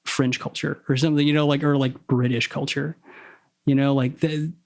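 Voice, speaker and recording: A man's voice: on the high side, flat delivery. A man talking as a podcast guest, over-enunciating his words on purpose and stopping to correct himself as he probes ideas. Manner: deliberately crisp, over-enunciated diction; analytical, probing, self-correcting. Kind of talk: casual conversation.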